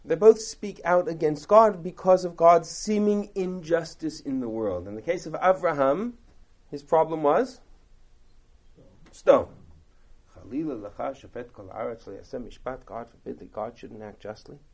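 A man's voice: fairly high pitch, normal speed, a little mellow. A man, a rabbi, giving a text study lecture, asking rhetorical questions and reciting verses, then translating them. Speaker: rabbi teaching a class.

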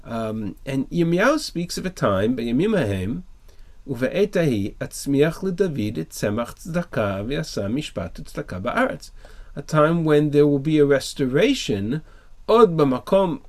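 A man teaches an online text-study class, and his fairly high voice swings widely in pitch. He reads a passage aloud, then explains it with emphatic rhetorical questions that he answers himself. The sound comes through a video call. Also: very animated, moderate pace, a little mellow.

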